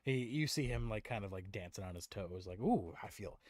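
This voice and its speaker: A man's voice: lowish voice, a little fast, no echo. A man narrating as game master in a tabletop game, rambling with many restarts.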